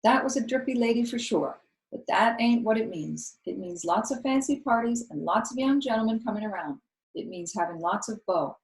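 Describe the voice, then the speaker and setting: A woman reading aloud, voicing a fretful grown woman who works as a family cook, scolding loudly. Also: on the high side, lively intonation, normal speed, pitched above the performer's own voice. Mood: lecturing. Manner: scolding, exasperated, loud. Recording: roomy echo.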